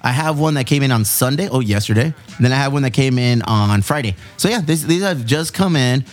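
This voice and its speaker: A man's voice: medium pitch, lively intonation, a little fast, faint music behind. A man hosting a podcast in casual chat, rambling and slangy, recorded at a brewery. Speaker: podcast host.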